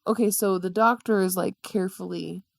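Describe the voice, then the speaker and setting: A woman's voice: medium pitch, steady tone, brisk, creaky, no echo. A woman from the American South co-hosting a podcast, chatting casually about a film and hedging with lots of "like". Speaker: podcast co-host.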